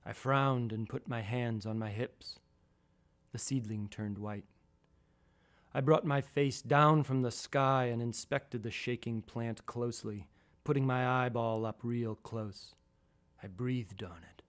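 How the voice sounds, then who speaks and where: A man calmly reading his own first-person radio essay, measured and a little wry. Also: medium pitch. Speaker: storyteller.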